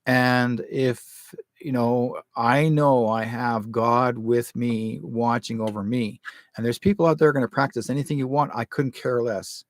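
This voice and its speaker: A man's voice: mid-range voice, fairly even intonation, unhurried, no room sound. A man hosting a live online talk show, telling a long personal story in a rambling, casual way and acting out the dialogue.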